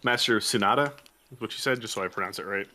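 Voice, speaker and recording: A man playing a tabletop game, his voice very deep but bright-toned. He speaks his character's lines in a polite, formal way. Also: very fast, a little hiss or hum. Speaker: player.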